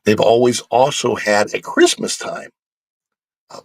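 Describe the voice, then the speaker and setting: A man hosting a casual theme-park news livestream, animated and joking as he talks to his chat. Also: mid-range voice, a little slow, no echo.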